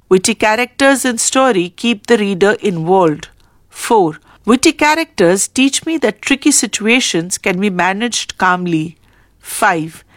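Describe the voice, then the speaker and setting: A woman, reading a textbook lesson aloud in a measured, instructive way. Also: on the high side, no room sound, studio quality. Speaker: English teacher.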